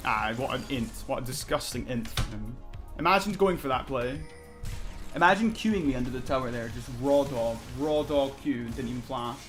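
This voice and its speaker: A man's voice: mid-range voice, moderate pace, over music. A man streaming a competitive online game, ranting heatedly and swearing while he argues a point and scolds himself over his plays. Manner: heated, profane, argumentative, self-critical. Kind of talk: live gameplay commentary and ranting.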